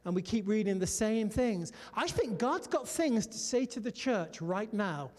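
A man preaching a sermon as pastor, telling stories in an animated way and calling out to the congregation with "come on" and "amen". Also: sits high, a little slow. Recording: long hall reverb.

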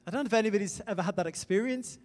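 A middle-aged man from Wales preaching a conversational sermon, emphatic, with sudden loud swells. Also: high-pitched, rapid-fire. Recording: long reverb in a large hall.

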